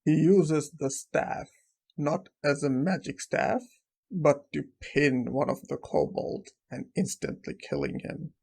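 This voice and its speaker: Slow gravelly man narrating a recap. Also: fairly high pitch, darkish tone. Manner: plain, unhurried retelling. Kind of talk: casual comic-recap narration.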